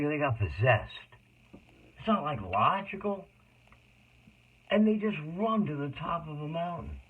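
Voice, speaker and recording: A man's voice: mid-range voice, husky. A middle-aged man telling his life story in a rambling monologue that jumps between tangents. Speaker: autobiographical monologue speaker. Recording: tinny phone-like audio.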